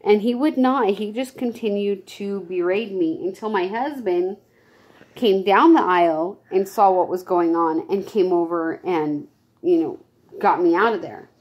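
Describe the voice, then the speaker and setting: A woman's voice: mid-range voice, unhurried, slightly rough, dull audio. Woman telling a personal story. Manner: rambling, restarts and self-corrections. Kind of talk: casual storytelling to camera.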